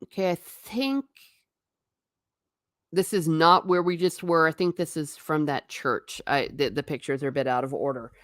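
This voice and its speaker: A woman's voice: low-pitched, moderate pace, a bit bright, no echo, clean studio sound. A woman chatting casually with viewers on a live stream while showing travel photos, often laughing and stumbling over repeated words. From not Irish. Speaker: livestream host.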